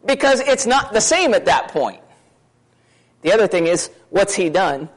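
Man, high voice, sermon, fast conversational delivery, rhetorical questions. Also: sing-song, poor audio. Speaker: preacher. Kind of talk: sermon to a congregation.

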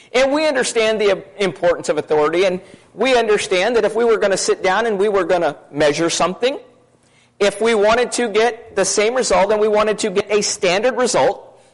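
A man preaching a sermon to his congregation, talking fast in a conversational way and asking many questions. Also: high-pitched, poor audio.

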